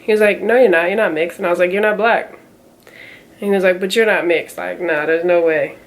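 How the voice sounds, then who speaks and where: A woman's voice: on the low side, fairly even intonation, brisk. A young woman in her twenties telling a story in a casual vlog, chatty and full of quoted back-and-forth, with a slightly nasal tone. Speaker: vlogger.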